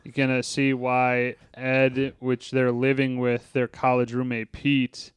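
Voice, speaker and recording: A man's voice: medium pitch, monotone, slow pace, clean tone, no echo. A man hosting a casual movie review podcast, talking loosely with some swearing and acting out lines from scenes. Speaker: podcast host.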